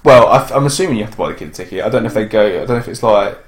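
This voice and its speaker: A man's voice: fairly low pitch, rapid-fire, echoey room. A man chatting in casual banter, sweary and incredulous, with lots of disbelieving rants. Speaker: podcast co-host.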